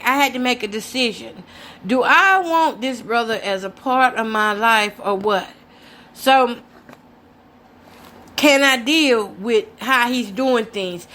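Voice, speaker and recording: A woman's voice: high-pitched, pushed and bright. A middle-aged woman hosting a vlog, telling a personal story in a candid, chatty way, talking straight to her viewers and laughing between lines. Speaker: host.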